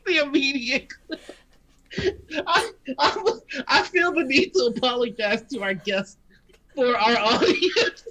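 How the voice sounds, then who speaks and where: Unhurried joking American woman host. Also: sits high, lively intonation, bright, forceful tone. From United States. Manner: laughs often, loose and joking. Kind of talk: casual chat on a livestream.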